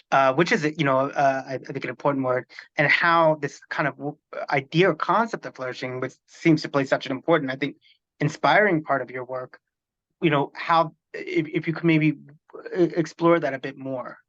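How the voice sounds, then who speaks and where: A man's voice: medium pitch, fairly bright tone, no room sound, lo-fi sound. Rambling male interviewer, dry sound. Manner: rambling, searching questions. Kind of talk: academic conversation.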